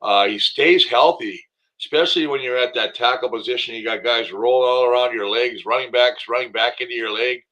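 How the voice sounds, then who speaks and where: A man's voice: medium pitch, a little fast, bright, forceful tone, low-quality recording. A man talking football as a guest on a sports talk show, emphatic and enthusiastic, rambling with fillers. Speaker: guest, former football player and commentator.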